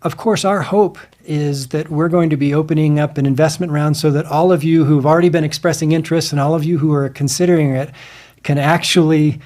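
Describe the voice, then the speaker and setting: Halting male livestream host. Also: on the high side, fairly even intonation, a little mellow. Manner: halting, many fillers and restarts. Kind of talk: casual livestream talk.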